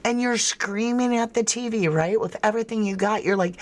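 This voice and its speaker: A woman's voice: a little high, brisk. A woman hosting a true crime livestream in casual commentary, thinking aloud and answering viewers' chat comments by name with frank disbelief.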